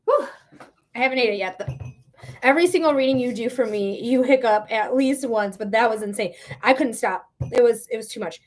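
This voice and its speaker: This is a woman giving a tarot reading on a live stream. Her voice sits a bit on the high side, and she talks in a loose, chatty way. She is frank and swears casually mid-reading. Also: fairly quick. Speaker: tarot reader.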